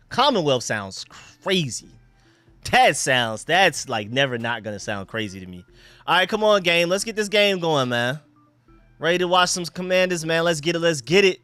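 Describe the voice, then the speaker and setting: A young man from Atlanta chats through a live stream with a bright, crisp voice pitched a little high. His slangy banter bounces from loud shout-outs to low asides, and his close mic sounds dry. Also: dry recording. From Atlanta, Georgia. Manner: loose slangy banter, repeats phrases, swings between hype and mumbles. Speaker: livestream host.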